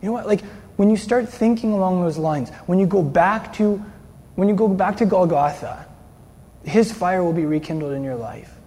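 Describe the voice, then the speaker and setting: A man's voice: high-pitched, normal speed, dark tone. A man preaching a sermon in a conversational way, often ending lines with "eh?" or "right?". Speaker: pastor. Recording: long hall reverb.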